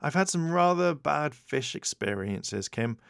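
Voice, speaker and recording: A man's voice: on the high side, lively intonation, measured pace, creaky, a bit bright, clear, resonant tone, no echo, studio quality, pitched above the performer's own voice, exaggerated voice. A man putting on a fussy nerdy teen boy.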